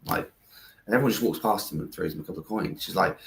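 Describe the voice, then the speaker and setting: Casting: deep, gravelly man, chatty and rambling guest, echoey room. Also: fast talker, a bit bright, a little hiss or hum. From England. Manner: rambling with many fillers and restarts. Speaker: guest, founder of a kindness platform. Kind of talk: conversational interview, storytelling.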